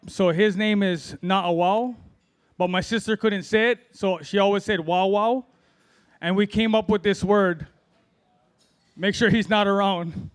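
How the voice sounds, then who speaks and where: A middle-aged man from Hawaii doing an open-mic stand-up set, rambling through stories with lots of fillers and pauses. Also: sits high. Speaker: amateur stand-up comic.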